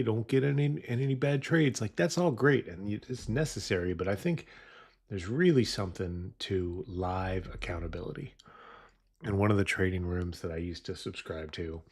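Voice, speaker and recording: A man's voice: low voice, husky. A man trading futures live and talking through trading psychology in a casual, rambling way with many fillers. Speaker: futures trader streaming live. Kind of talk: casual live-stream commentary.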